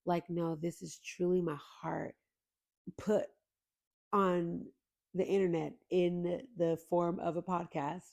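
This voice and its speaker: A young woman hosts her own faith podcast and speaks to her listeners in an earnest, openly emotional way. Her voice sits a little low, with a warm, mellow tone and a gravelly edge. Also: level tone, takes it slowly. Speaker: podcast host. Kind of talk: heartfelt faith podcast intro.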